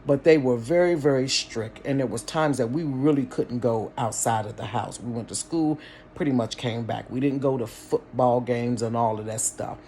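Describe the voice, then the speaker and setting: A man from Cincinnati hosting a casual storytime vlog from his bedroom, chatty and animated, talking straight to his viewers and laughing easily. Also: mid-range voice, normal speed, slight background noise. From Cincinnati, Ohio. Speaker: storytime channel host. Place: bedroom at home.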